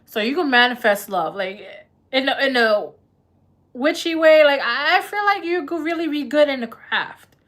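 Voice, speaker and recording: A woman's voice: sits high, expressive, normal speed, a bit bright. A woman doing a live tarot reading in a chatty, laughing, slangy way. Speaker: tarot reader.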